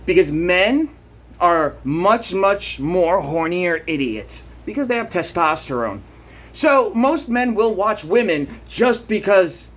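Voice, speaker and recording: A man's voice: sits high, expressive, slow pace, a bit bright. Blunt, worked-up man ranting. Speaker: vlogger. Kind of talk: casual rant to camera.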